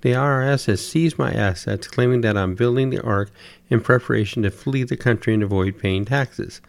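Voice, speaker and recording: A man's voice: medium pitch, normal speed, creaky, no room sound, lightly acted. A man voicing Noah in a told story, an exasperated old man who pleads and lists complaint after complaint. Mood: pleading. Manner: plaintive, listing complaints at length. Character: weary harried biblical Noah, old man.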